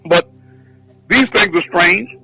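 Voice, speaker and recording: A man teaching a spiritual class, telling a long personal story in an excited, rambling, repetitive way. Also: high-pitched, takes it slowly, creaky, soft background music, low-quality recording. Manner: excitable, repetitive, restarts often. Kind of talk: rambling spoken testimony.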